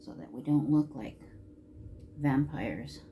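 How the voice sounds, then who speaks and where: A woman's voice: extremely low pitch, lively intonation, slow pace, dark tone, a little hiss or hum. A woman in her fifties chatting casually while doing her makeup, rambling through stories and chuckling often. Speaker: beauty vlogger.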